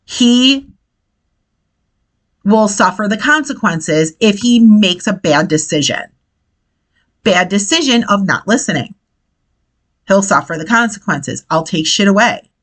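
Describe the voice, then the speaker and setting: A woman's voice: medium pitch, animated, a little slow, pauses often, poor audio. A woman hosting a casual podcast, a mother talking in an exasperated, chatty way and swearing now and then. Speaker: podcast host, parent. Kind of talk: casual monologue. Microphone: desk mic, hits it while gesturing.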